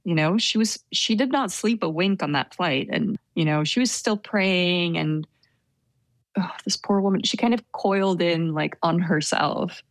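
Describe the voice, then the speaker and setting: A woman with a fairly low voice tells a story in an easygoing, hesitant way. Her delivery is self-deprecating and full of fillers. The sound is dry and close. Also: a little slow, no room sound. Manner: hesitant, self-deprecating, laughs while telling. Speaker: interviewee telling a story. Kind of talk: casual storytelling.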